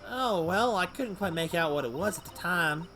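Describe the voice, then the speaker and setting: A man's voice: sits high, expressive, normal speed, fairly bright tone, slight background noise. A man voicing a chatty wife in a put-on Southern-belle drawl, reading a courtroom game aloud. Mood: sweet, chatty. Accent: American Southern (put on). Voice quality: sugary drawl.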